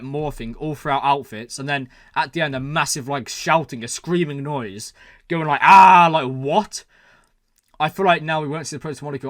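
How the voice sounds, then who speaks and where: In a dry, clean studio recording, a man with a voice on the high side hosts a reaction channel. He excitedly talks through a TV episode, thinking aloud with lots of exclamations and fillers.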